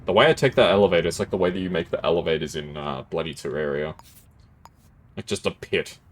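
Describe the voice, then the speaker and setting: A man's voice: low voice, quick pace, slight background noise. A man casually commentating his gameplay as a streamer, chatty and laughing often, with keyboard typing close to the mic.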